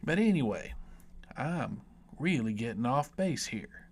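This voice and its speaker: A man's voice: mid-range voice, big pitch swings, measured pace, husky. A man with a Southern US accent, telling a comedic, rambling, irreverent story as a book reviewer.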